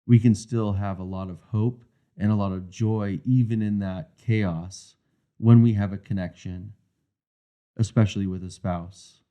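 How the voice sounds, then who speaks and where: A man's voice: fairly low pitch, fairly even intonation, a little slow, warm tone. A man co-hosting a marriage coaching podcast, talking in an earnest, reflective way. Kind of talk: casual podcast conversation. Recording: dull, muffled lo-fi sound.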